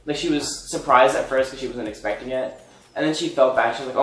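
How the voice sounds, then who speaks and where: A man's voice: medium pitch, fast, a bit bright. A young man telling a personal story in a casual chat, rambling and full of "like". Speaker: co-host. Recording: echoey room with faint music.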